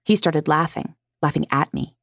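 Low-pitched woman for a first-person audiobook read: prim, precise, measured, in a dry booth. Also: dry recording. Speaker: audiobook narrator.

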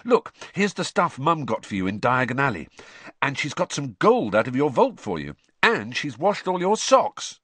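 A man's voice: medium pitch, big pitch swings, normal speed, fairly bright tone, breathy edge, no room sound, pitched above the performer's own voice. A man voicing a casual, blunt teenage boy who talks offhandedly. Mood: offhand.

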